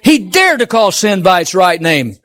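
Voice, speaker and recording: High-voiced emphatic male preacher. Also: big pitch swings, moderate pace, fairly bright tone. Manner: emphatic, swinging from high exclaims to low murmurs; rhetorical questions to the congregation. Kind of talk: sermon.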